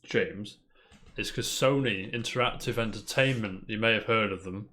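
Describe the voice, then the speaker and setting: A man with a fairly low voice co-hosts a casual podcast. He reads out news stories and rambles between them, throwing in a friendly "mate" every few lines. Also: moderate pace, sharp tone. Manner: chatty, rambling, peppers talk with "mate". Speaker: podcast co-host.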